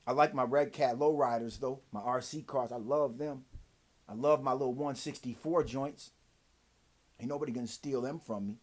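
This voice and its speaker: Male vlogger, profane heated rant, dry-throated, mid-pitched voice. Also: moderate pace. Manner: profane, heated, swings from loud to low. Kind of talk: casual rant to camera.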